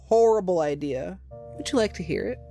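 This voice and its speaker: A woman's voice: on the low side, expressive, fairly quick, mellow, faint music behind. A young adult woman livestreaming, chatting casually in a silly, crude way and laughing often. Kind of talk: casual stream chat.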